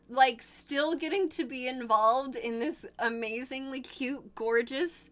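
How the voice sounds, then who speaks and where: A young woman from Oregon streaming live, chatting casually with viewers and gushing excitedly. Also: fairly high pitch, measured pace, hardly any pauses. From Oregon, United States.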